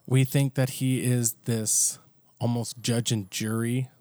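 A man's voice: mid-range voice, little pitch movement, slow, mellow, no room sound. A man co-hosting a casual faith podcast, thinking aloud with frequent restarts and asides. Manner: conversational, thinks aloud with restarts and "you know". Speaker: podcast co-host.

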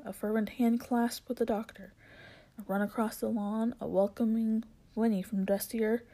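Woman narrator for a storybook reading, mellow tone, steady pace with the odd slip. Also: a little high. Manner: steady reading with small slips and restarts. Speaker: audiobook reader.

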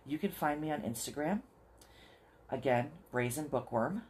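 A podcast host talking straight to listeners in an earnest, encouraging way, slowing down to spell things out. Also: mid-range voice, lively intonation, a little mellow, slight background noise. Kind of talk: solo podcast talk to listeners.

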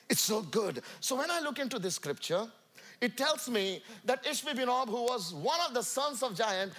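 A man with an Indian accent preaching a sermon to a church congregation, swinging from loud calls to quiet asides. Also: high-pitched. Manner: emphatic, rising and falling between loud calls and quiet asides. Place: church sanctuary.

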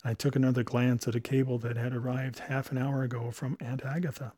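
A man narrating a story in a measured, wry manner, recorded close on a studio mic. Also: medium pitch, level tone, warm tone, no room sound. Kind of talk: scripted audiobook narration.

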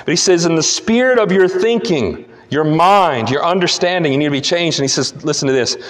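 A man preaches an earnest verse-by-verse sermon in a slightly high voice. He often restarts his phrases as he explains the text. His voice carries a long reverb from a church hall. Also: brisk. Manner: earnest teaching, frequent restarts. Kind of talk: expository sermon.

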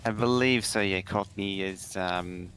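A man's voice: low voice, unhurried, fairly bright tone, soft background music. A man co-hosting a casual podcast chat, hesitant and searching for words.

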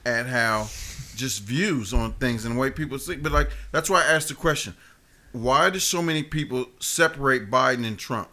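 A man's voice: medium pitch, moderate pace, sharp tone. A man co-hosting a podcast, speaking earnestly and ranting in casual chat. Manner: earnest, ranting about politics. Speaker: podcast co-host.

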